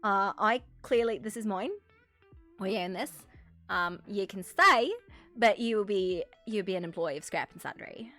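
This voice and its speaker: A woman's voice: mid-range voice, a little slow, bright, forceful tone, faint music behind, pitched below the performer's own voice. A woman voicing a brash young goblin woman who runs a shop, blunt and possessive. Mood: smug, dismissive. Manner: blunt, offhand.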